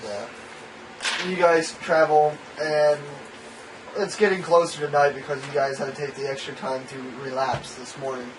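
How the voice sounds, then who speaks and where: A man's voice: on the high side, flat delivery, normal speed. Young man running a tabletop game. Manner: laughs often, voices the characters in quotes. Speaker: game master. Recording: distant mic with clear background noise.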